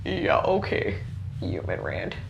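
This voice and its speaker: Girl doing a bro-ish spaceship captain, lazy and dismissive, lively voice. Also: extremely low pitch, takes it slowly, creaky, dull audio, soft background music, pitched below the performer's own voice, exaggerated voice.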